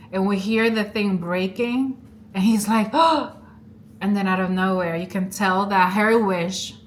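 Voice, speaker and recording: A young woman vlogger casually retelling and reviewing a movie, chatty and animated, acting out quoted lines. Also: mid-range voice, slight background noise.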